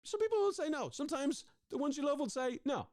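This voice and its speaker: A man's voice: extremely high pitch, animated, fast, darkish tone, no room sound, clean studio sound. A man presenting a live online workshop on conflict, talking energetically, often repeating words and putting questions to his audience. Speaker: relationship coach presenting a workshop.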